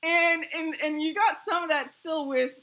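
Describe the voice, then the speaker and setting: A woman streamer in casual chat, animated and rambling, laughing often between thoughts. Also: sits high, normal speed. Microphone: streaming mic.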